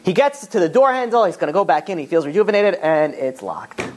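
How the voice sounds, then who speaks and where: A rabbi giving a Torah class, telling stories in an animated, casual way full of fillers. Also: male voice, high-pitched, brisk, a little hiss or hum. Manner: animated storytelling, casual filler-heavy talk. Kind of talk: Torah class lecture with storytelling.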